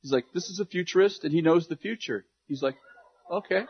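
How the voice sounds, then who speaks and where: A man preaching to a congregation, telling a funny story in an animated way with laughs and quick asides. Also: on the high side, a little hiss or hum. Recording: dull lo-fi sound.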